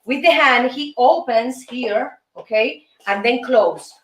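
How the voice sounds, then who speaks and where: A woman's voice: on the high side, slow pace. A woman with a Cuban Spanish accent teaching salsa steps, counting beats aloud and calling out moves in a chatty way. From Cuba. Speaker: dance teacher and show host. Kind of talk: salsa lesson. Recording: roomy, distant mic, music behind.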